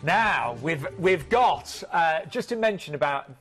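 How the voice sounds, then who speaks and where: A man's voice: on the high side, expressive, measured pace, fairly bright tone, faint music behind. Northern English man reading cruise prices. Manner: friendly, reads out prices and inclusions. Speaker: cruise sales presenter. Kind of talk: shopping channel sales chat.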